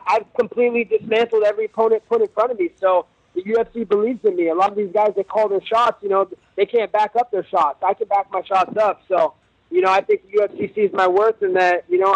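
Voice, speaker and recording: A man's voice: high voice, vocal fry, lo-fi sound. A man guesting on a podcast as a fighter, talking brash and boastful. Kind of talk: interview.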